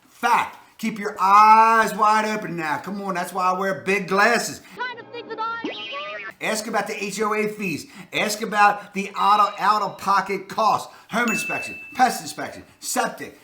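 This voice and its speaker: A man with a Baltimore accent, a real estate agent hosting an energetic advice talk, emphatic and full of catchphrases. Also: high voice, measured pace, reverberant, slight background noise.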